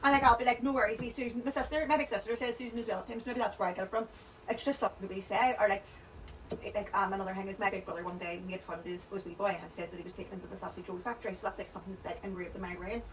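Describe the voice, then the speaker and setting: Chatty woman, rapid and rambling, mic set slightly back. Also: medium pitch, steady tone, distant mic, slight background noise, rough recording. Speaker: podcast guest. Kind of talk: casual chat.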